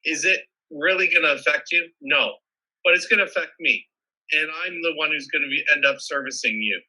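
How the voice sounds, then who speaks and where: Guy with a super bright voice, telling funny stories, acts out the quotes. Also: on the high side, fairly quick, poor audio. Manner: animated storyteller acting out quotes. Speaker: podcast host. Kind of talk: casual storytelling.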